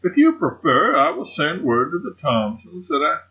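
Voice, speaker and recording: A man reading an audiobook, voicing a dutiful, vexed young woman in a hesitant, pitched-up manner on a slightly muffled recording. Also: wildly swooping pitch, moderate pace. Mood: reluctant.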